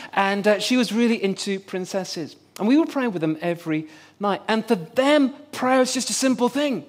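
Guy giving a sermon, pretty high voice, funny animated storytelling. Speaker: preacher.

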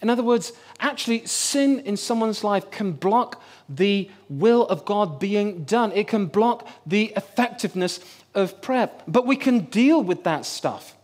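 A man's voice: sits high, expressive, unhurried. A middle-aged man preaching a sermon and telling a personal story with humor.

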